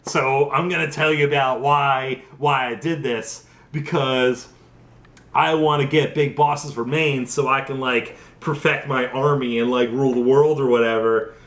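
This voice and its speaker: A man's voice: medium pitch, steady tone, unhurried, a bit bright, echoey room, natural voice. A man voicing a smug, gloating male villain who mocks and taunts. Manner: mocking, taunting.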